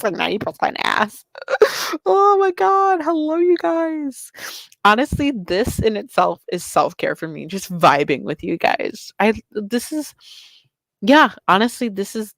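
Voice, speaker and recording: A woman's voice: mid-range voice, vocal fry, no room sound. Bubbly woman streamer, dry close sound. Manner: bubbly, excitable, reads chat aloud. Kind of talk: casual live-stream chat with viewers.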